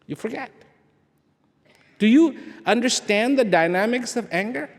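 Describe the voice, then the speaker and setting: A high, lively male voice delivers a slow, deliberate spiritual talk, with long reverb trailing off the walls of a big hall. He presses his point with rhetorical questions and hammered repetitions, dropping to near-whispers before rising again. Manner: rhetorical questions, emphatic repetition, dramatic shifts between loud and hushed. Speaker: speaker addressing an audience.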